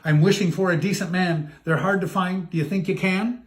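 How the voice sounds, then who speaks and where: A man voicing a bratty, demanding young Cinderella in a read-aloud poem story, with a shrill, whiny delivery. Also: steady tone, fairly quick, lightly acted. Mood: earnest.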